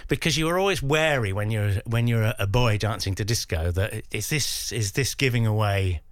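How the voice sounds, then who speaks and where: A man's voice: lowish voice, normal speed, no echo, clean studio sound. An English man in his fifties, a guest DJ reminiscing in a radio interview and acting out the voices he quotes. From England. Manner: animated storyteller who acts out quoted voices.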